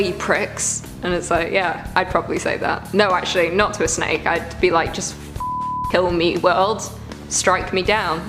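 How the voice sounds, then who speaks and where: A woman hosting a reaction video, chatting casually and groaning in disgust as she rambles. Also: lowish voice. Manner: squeamish, exclaiming, rambling.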